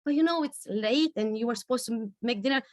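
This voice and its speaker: A woman's voice: a little high, quick pace, no room sound, clean studio sound, close to an everyday voice. A woman acting out a puzzled husband who keeps questioning his wife, flustered and pleading. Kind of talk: acted improv demonstration.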